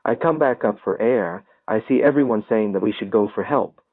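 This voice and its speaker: A man reading a first-person story aloud as an audiobook narrator, telling it in a steady storytelling manner. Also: on the low side, moderate pace, no room sound. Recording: tinny phone-like dry sound.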